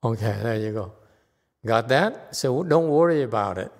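A man's voice: medium pitch, lively intonation, normal speed, big-room sound. A man teaching a sutra class as a Buddhist teacher, playful and laughing often between points.

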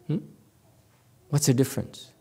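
A woman giving a Buddhist dharma talk, laughing often and checking in with her listeners. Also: a little slow. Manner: animated, laughing, asks audience often. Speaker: Buddhist teacher. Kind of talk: dharma talk on Chan stories.

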